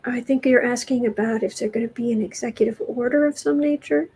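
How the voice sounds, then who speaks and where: A woman's voice: a little high, fairly quick, dark tone, breathy edge, rough recording. A woman reading political tarot cards on a livestream, talking in a rambling, hesitant way, with frequent ums and restarts, and addressing viewers directly. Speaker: tarot reader.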